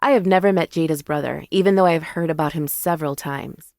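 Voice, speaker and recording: Woman, first-person romance narration, confiding, lowish voice, dry close sound. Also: fast, a little mellow, no echo.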